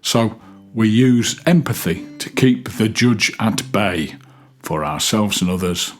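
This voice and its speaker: A man hosting a casual self-help chat, talking gently with rambling pauses and restarts. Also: fairly low pitch, soft background music. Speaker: podcast host.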